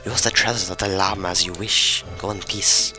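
A solemn old mentor, as a gamer puts him on in a game, speaking with grave formality. The voice sits a bit above the gamer's own and has a bright, forceful edge. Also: male voice, low-pitched, fairly even intonation, moderate pace, soft background music.

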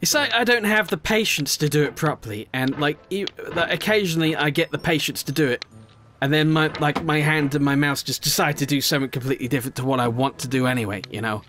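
A young man giving gameplay commentary as a YouTuber, muttering low rants, then swearing and shouting in bursts. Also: fast talker, background noise. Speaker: gaming YouTuber.

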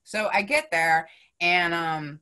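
This woman, guesting on a podcast, speaks slowly in a lowish voice as she tells a story over relaxed chat. Blunt and lively, she curses without restraint and ends phrases with "right?" or "you know?"

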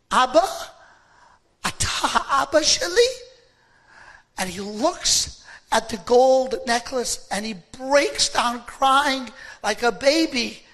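A man's voice: extremely high pitch, a bit bright. A man, a rabbi, delivering a sermon with dramatic, emphatic storytelling.

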